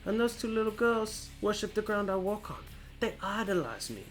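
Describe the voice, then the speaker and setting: A man's voice: high-pitched, big pitch swings, normal speed, soft background music, voice pushed up, low-quality recording. A man doing an accented voice for a boastful wrestler who taunts his rival. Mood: taunting. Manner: swaggering taunts.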